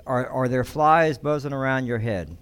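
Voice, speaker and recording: Smooth-voiced male pastor preaching. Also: medium pitch. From United States. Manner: reads scripture then teaches in a conversational, halting way with many restarts. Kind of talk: sermon.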